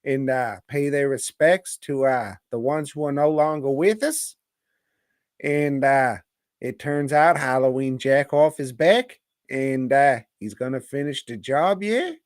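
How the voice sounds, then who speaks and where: A man's voice: mid-range voice, measured pace, no room sound, clean studio sound. A man co-hosting a movie review podcast, rambling and joking in casual, profane banter sprinkled with "mate" slang.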